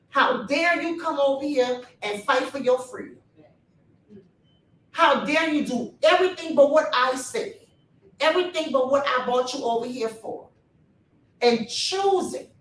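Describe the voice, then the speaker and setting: A woman speaking on a panel with fire and a preacher-like cadence, talking straight to her audience. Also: high-pitched. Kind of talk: impassioned panel talk. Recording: echoey room from a distance.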